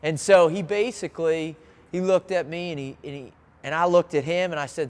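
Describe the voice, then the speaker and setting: A man's voice: fairly high pitch, fairly even intonation, normal speed, clear, resonant tone. A man telling a personal story as a motivational speaker, earnest and vivid, often restarting his phrases. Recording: long hall reverb.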